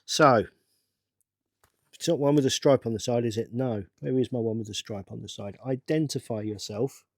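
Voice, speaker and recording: A middle-aged man, rambling to himself in a casual build-along chat with bursts of excitement. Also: mid-range voice, normal speed, no echo, studio quality. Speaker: channel host.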